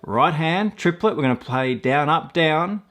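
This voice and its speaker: A man's voice: a little high, lively intonation, a little slow, soft background music. A man teaching a mandolin tune step by step, patiently counting beats and calling out pick strokes. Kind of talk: step-by-step music lesson. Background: loud mandolin playing.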